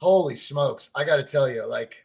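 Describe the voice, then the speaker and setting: A man co-hosting a casual sports podcast, telling stories in an animated way, swearing freely and saying "like" and "right?" a lot. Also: medium pitch, moderate pace, gravelly, breathy edge. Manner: excitable, fan-to-fan talk addressing listeners as family. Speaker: podcast co-host.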